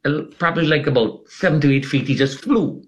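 A man's voice: fairly high pitch, brisk. A man as an interview guest, telling a dramatic personal story and acting out the scenes. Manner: animated, acts out scenes.

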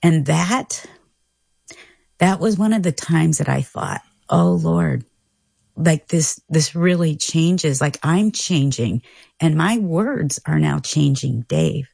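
A woman guest on a radio talk show, telling a personal story in an earnest, reflective way with soft laughs. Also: low-pitched, lively intonation, takes it slowly, gravelly, slightly rough, no room sound, studio quality. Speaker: guest author. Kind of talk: casual radio conversation.

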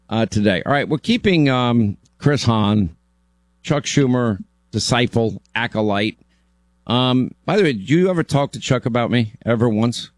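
A man's voice: mid-range voice, expressive, moderate pace, no room sound. A man hosting a talk radio show, talking bluntly and joking around with a guest.

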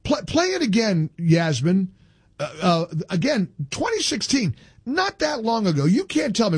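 A man's voice: high voice, wildly swooping pitch, moderate pace, slightly rough, dry recording. A man hosting a talk radio show, combative and insistent, hammering points home by repeating phrases.

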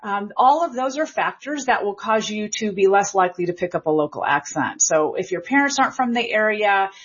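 A Gen X woman from Memphis with a light Southern accent, a linguist answering interview questions in a chatty, animated way with many fillers. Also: mid-range voice, fairly quick, slightly rough, highs cut off. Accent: light Southern American. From Memphis, Tennessee. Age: Generation X. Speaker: linguist guest.

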